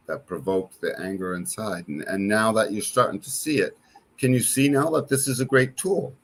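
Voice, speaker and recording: A man with a low voice hosts the conversation. He talks casually and coaches his guests, drawing them out with follow-up questions. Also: moderate pace, slight background noise. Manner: coaching, asks probing questions. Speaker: host and reader. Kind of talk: casual interview chat.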